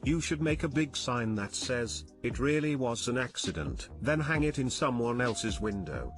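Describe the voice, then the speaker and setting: A man narrating online posts in a steady, even scripted read. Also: mid-range voice, normal speed, music in the background.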